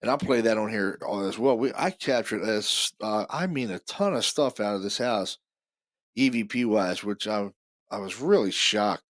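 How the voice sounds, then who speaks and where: A man's voice: lowish voice, animated, moderate pace, no echo, clean studio sound. A man hosting a podcast, talking casually and eagerly about recorded evidence, repeating himself often. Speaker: podcast host.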